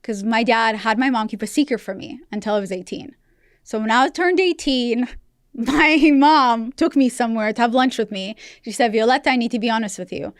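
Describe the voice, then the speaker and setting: Smooth-voiced woman from Russia. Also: on the high side, lively intonation, normal speed, no room sound, clean studio sound. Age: 30s. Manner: candid, storytelling, laughs often. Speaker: podcast guest. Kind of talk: casual chat.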